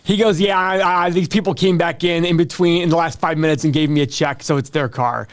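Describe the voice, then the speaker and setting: Male podcast co-host, chatty and animated, acts out every phone call he retells. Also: a little high, fairly quick. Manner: animated storytelling, acting out quoted calls. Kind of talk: casual chat.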